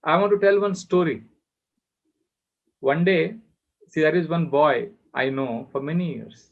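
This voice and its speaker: A spiritual teacher, a man with a fairly high voice, leads a devotional class at a measured pace, telling a story with feeling. He acts out the voices of his story's characters, and the audio sounds muffled, as if over a video call.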